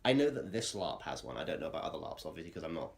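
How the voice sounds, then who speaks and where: Guest, British man, rapid and animated, polite with stammered restarts. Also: rumbling low. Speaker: podcast guest. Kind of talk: casual podcast chat.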